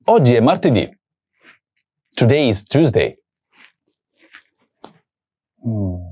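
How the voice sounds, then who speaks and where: Male teacher, patient lesson delivery: unhurried, words repeated clearly, pitch moving a lot. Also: big pitch swings, a little mellow. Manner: slow, careful repetition of words for learners. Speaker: language teacher. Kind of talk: scripted language lesson.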